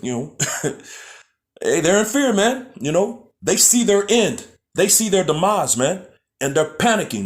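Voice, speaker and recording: A man teaching scripture in a loose, casual way, often restarting his phrases and tagging them with "man" and "you know what I'm saying". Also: a little high. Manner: restarts and stumbles over words. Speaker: preacher. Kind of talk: street-style scripture teaching.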